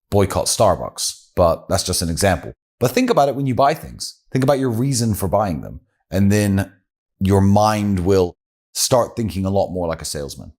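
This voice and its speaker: A man's voice: sits low, a little mellow. A man giving blunt, direct motivational advice, speaking straight to the listener as a coach would. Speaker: course presenter.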